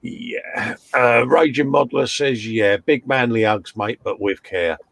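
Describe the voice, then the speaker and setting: A man's voice: mid-range voice, unhurried, gravelly, a bit bright, no room sound. A man co-hosting a casual live stream, reading out viewer comments with jokey, matey banter. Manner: jokey, matey banter, calls everyone mate and fella. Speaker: co-host of a live modelling chat stream.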